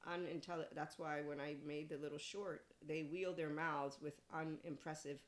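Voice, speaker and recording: A podcast host in her forties delivers a rambling spiritual monologue in an animated way, laughing often and tossing in profane asides. She has a deep voice and speaks at a normal speed.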